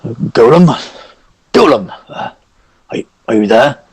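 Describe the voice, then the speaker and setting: A man's voice: mid-range voice, animated, takes it slowly, darkish tone, breathy edge, poor audio. A man voicing an irritable, haughty old man who speaks through a magical projection. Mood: calling. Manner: haughty and exasperated.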